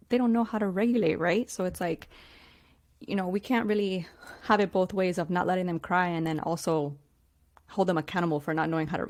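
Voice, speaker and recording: A woman's voice: lowish voice, darkish tone, no echo. Podcast co-host, woman, thoughtful and rambling, dry recording. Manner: reflective, drawn-out phrasing with many fillers. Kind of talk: casual chat.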